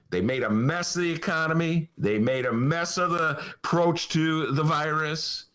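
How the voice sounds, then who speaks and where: A man in his sixties hosting a political podcast from a studio, sarcastic and animated, laughing as he mocks. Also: on the high side. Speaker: podcast host. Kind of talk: satirical political talk.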